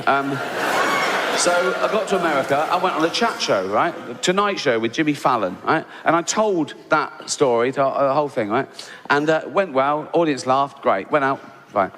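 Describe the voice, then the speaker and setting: A middle-aged man with an English accent doing a stand-up comedy routine, telling a story with sarcastic, incredulous mock outrage and squeaky asides. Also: normal speed, noisy background. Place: large theatre stage. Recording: live theatre with long reverb and audience.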